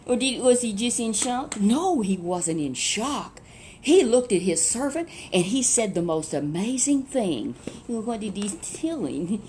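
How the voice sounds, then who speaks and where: Woman storyteller, casual Bible retelling, animated, asks the listener questions, a bit high, faint noise behind. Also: measured pace.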